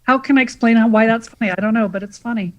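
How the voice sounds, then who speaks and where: A woman from Canada, a guest on a podcast, chatting casually and in an animated way. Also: fairly high pitch, quick pace, low-quality recording. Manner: animated, quotes lines from scenes. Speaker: guest, comedic actress.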